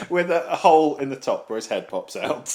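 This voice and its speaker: A man's voice: fairly high pitch, very animated, moderate pace, darkish tone. A man co-hosting a podcast, trading jokes in casual chat and laughing often. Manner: jokey banter, laughs often. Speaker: podcast co-host.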